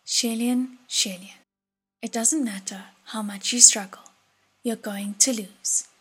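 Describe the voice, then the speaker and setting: A woman reading an audiobook voices an eerie white-clothed spirit with the voice of a young man, speaking slowly and gently as he taunts. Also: high voice, steady tone, husky, exaggerated voice. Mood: taunting.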